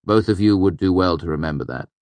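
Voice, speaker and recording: A man with a low voice reading the lines of a wry, weary male innkeeper and storyteller, with dry, pointed teasing. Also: expressive, quick pace, a little mellow, dry recording. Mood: stern.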